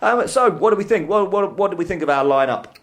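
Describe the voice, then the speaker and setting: A man's voice: high voice, lively intonation, quick pace, fairly bright tone. A man hosting a casual fan radio show in a small studio, with dry, self-mocking banter.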